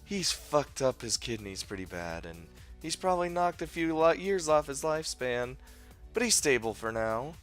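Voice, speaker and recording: A man voicing a calm woman scientist in a fan dub, low-key and matter-of-fact. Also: moderate pace, faint music behind. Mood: grim.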